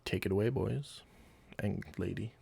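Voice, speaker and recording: Low-voiced man running a tabletop game. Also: normal speed, creaky, dark tone, breathy edge. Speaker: game master.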